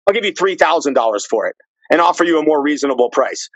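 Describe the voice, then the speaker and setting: A man guest on a podcast, telling stories in casual, profane, animated chat. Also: on the high side, fast, dry recording, rough recording.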